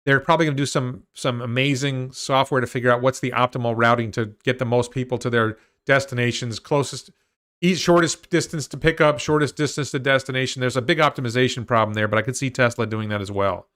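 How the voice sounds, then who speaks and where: A man hosting a livestream, talking through ideas out loud with restarts and reading viewer comments before launching into a rant. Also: mid-range voice, fairly even intonation, fast talker. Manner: thinks aloud with restarts, reads comments. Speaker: host of a livestream on stocks. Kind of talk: solo livestream talk and rant.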